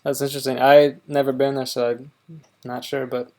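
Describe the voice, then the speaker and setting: An American man offers casual reaction commentary in a monotone voice. It has a gravelly fry, and his dry asides come out hesitant and full of fillers. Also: mid-range voice, normal speed. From United States. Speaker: reaction channel host.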